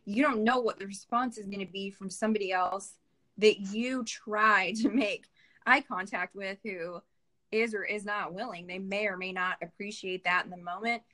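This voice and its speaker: Woman, podcast guest, candid reflective storyteller, mid pitch. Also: steady tone, normal speed, bright, forceful tone. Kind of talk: casual interview conversation.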